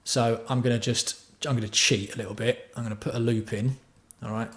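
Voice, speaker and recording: A man's voice: medium pitch, fairly even intonation, brisk, fairly bright tone. A man hosting a casual livestream tutorial on music production. He chats with his viewers and swears freely. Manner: chatty, swears freely, answers viewer chat.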